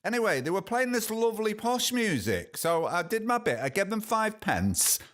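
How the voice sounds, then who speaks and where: A man's voice: high voice, big pitch swings, moderate pace, a bit bright. A man hosting a comedy podcast, reading news items and ranting about them with sarcasm. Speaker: podcast host. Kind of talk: comic news commentary.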